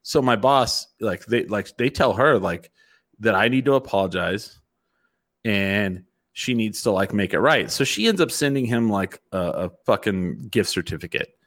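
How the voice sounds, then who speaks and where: Profane, animated storytelling man. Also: fairly low pitch, moderate pace. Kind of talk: casual storytelling chat.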